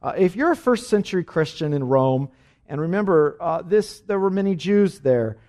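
A man, a pastor, teaching an evening Bible study in an emphatic, animated way, with frequent "uh" fillers. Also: high-pitched, normal speed.

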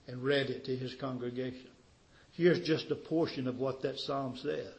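A man preaching a sermon to a small congregation, swelling to loud emphasis on key phrases and drawing words out. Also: mid-range voice. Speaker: pastor.

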